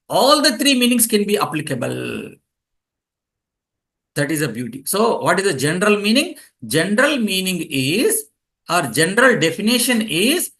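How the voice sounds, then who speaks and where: Guy giving a yoga lecture, high bright voice, says everything twice. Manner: explains slowly, repeats key phrases, quizzes students. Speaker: yoga teacher. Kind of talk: classroom lecture.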